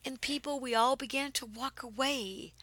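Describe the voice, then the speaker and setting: A woman telling a personal story slowly, breathy and dropping into whispers at times, then growing animated and excited. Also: high-pitched, no room sound.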